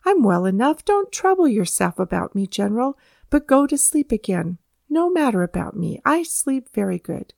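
A woman reading the lines of a humble, devoted servant, protesting in a high, eager tone. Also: very animated, normal speed, gravelly, darkish tone, dry recording, clean studio sound, heavily acted.

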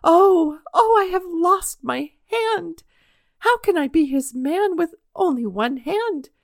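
A woman voicing an earnest, emotional young boy with a high, tearful, pleading voice. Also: unhurried, dry recording, studio quality. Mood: despairing.

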